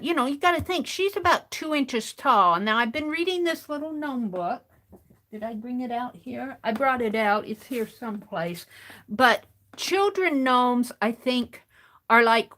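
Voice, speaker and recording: A woman hosts an art stream, telling a long story as she tears page edges. Her voice sits a little high, and she talks in a rambling, chatty way with frequent restarts. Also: a bit bright. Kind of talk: casual storytelling while crafting.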